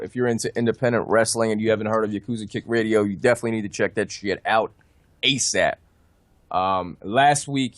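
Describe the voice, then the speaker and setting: A man's voice: on the low side, dry recording. A man hosting a casual podcast, talking in a crude, rambling way full of swearing. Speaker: podcast host. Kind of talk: casual wrestling podcast chat.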